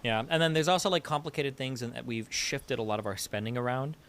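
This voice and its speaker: Man, fast-paced, mid pitch, long-winded explainer, noisy clicking stream audio. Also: fairly bright tone. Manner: explains at length, hedges, swears. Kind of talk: casual discussion.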